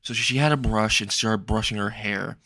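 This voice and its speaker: A young man narrating a dark fan fiction story in a slow, halting way. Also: no room sound, clean studio sound. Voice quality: low, gravelly voice.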